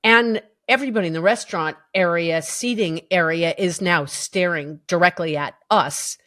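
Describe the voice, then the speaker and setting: A woman's voice: fairly low pitch, normal speed, a bit bright, no echo, studio quality. Woman telling a vivid personal story. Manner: vivid, emotional retelling with restarts and acted-out quotes. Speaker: podcast guest.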